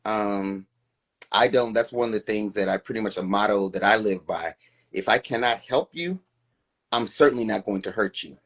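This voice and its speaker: A man's voice: on the low side, normal speed, fairly bright tone. A middle-aged man co-hosting a casual live-stream chat, talking in a reflective, earnest way. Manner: reflective, earnest, self-questioning. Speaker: co-host.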